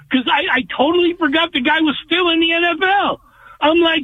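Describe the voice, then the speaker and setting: A male caller from Orange, California phones in to a sports show with an extremely high-pitched voice at a moderate pace. He rants bluntly and emphatically, and the dry recording comes through a tinny phone line.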